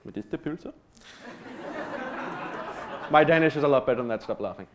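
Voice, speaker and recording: Over a noisy background, a man from Australia races through a funny story from his own life in a talk, his medium-pitched voice lively in intonation. He rambles with frequent fillers and restarts, self-deprecating asides and casual curses.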